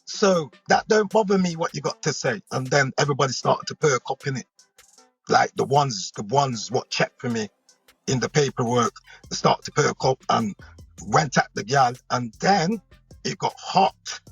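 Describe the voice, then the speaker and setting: A man's voice: medium pitch, moderate pace, creaky, husky. A British man, a hip hop artist, telling rambling stories in a casual interview and often checking in with the listener. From United Kingdom. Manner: rambling, animated storyteller who checks in with the listener. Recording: lo-fi recording with faint music behind.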